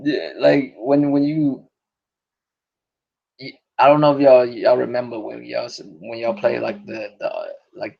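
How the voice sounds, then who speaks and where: Gravelly man rambling on a podcast. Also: mid-range voice, darkish tone. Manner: rambling, profane, many restarts. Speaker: podcast host. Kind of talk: casual podcast chat. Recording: dull lo-fi audio.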